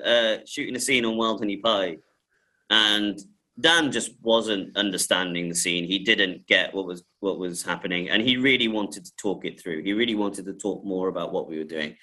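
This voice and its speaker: A film director with a lowish, bright, forward voice. He tells stories in an animated way, laughing often and stumbling into repeats as he talks. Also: rough recording. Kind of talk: casual interview talk.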